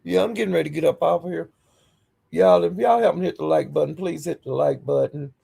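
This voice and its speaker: Gravelly woman livestreaming. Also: low voice, brisk, warm tone. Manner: greets viewers by name, blunt and defiant. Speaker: livestream host. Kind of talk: casual livestream chat.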